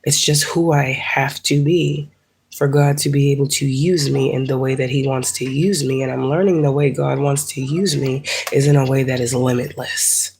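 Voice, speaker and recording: Brief: congested woman in her 30s, low voice, rambling, swearing and laughing on a phone livestream. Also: steady tone, normal speed, a little mellow, a little hiss or hum. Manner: rambling, profane, laughs often. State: congested from allergies. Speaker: spiritual livestreamer. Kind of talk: casual livestream chat.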